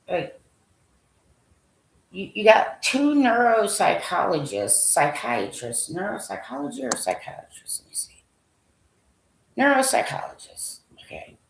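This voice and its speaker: A woman's voice: deep voice, echoey room, slight background noise, poor audio. A woman vlogger thinking aloud as she browses a website, rambling with lots of fillers and sometimes dropping to a whisper while she reads items off a list. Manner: drops to a whisper when reading lists.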